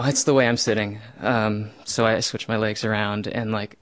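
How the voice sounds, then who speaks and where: A young man telling a first-person true story in a self-mocking way, with loud bursts when he voices his own panic. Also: fairly low pitch, level tone, moderate pace, few pauses, crowd noise.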